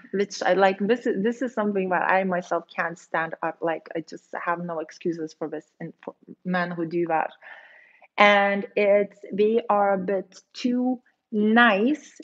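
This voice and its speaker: Chatty woman coach on a lo-fi stream. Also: medium pitch. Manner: chatty, quick, acts out quoted voices. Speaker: dating coach. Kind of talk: casual livestream advice, reading viewer comments.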